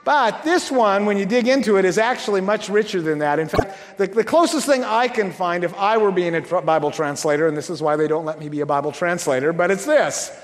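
A man preaching a sermon as pastor in a church, talking conversationally with halting restarts and joking asides. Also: sits high, in a large hall.

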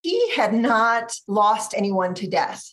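A woman author being interviewed on a podcast, speaking in a measured, thoughtful way and slowing down to stress ideas. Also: medium pitch, sing-song, fairly bright tone.

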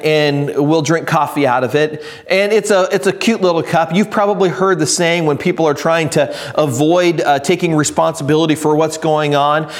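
A man preaching a sermon, reading scripture slowly and building to emphatic, raised delivery. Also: fairly high pitch. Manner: reads scripture slowly and deliberately. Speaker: pastor.

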